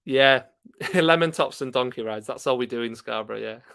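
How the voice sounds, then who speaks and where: A man with a Yorkshire accent hosting a casual live stream, chatting relaxed and laughing often as he answers comments. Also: medium pitch, moderate pace, vocal fry, clear, resonant tone, no room sound, studio quality. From Yorkshire, England.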